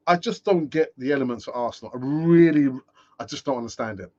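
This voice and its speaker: A man hosting a solo live fan-channel stream, ranting and talking to himself in an animated way. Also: medium pitch, fast. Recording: dull lo-fi sound.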